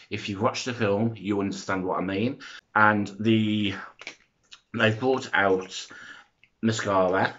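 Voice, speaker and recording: Excitable rambling young man. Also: on the low side, highs cut off. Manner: excitable, rambling, self-interrupting. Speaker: makeup vlogger. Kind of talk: chatty makeup review vlog. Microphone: front-facing phone camera.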